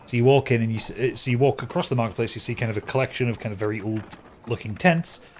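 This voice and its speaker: A man's voice: medium pitch, steady tone, fast talker, a little hiss or hum. A man narrating a tabletop game as game master, rambling with many fillers and hesitations.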